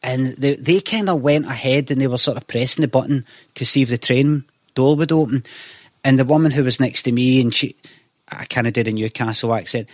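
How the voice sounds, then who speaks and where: A man's voice: mid-range voice, fairly quick, dry recording. Sweary Scottish man telling a story. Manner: animated, swears a lot. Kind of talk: casual storytelling.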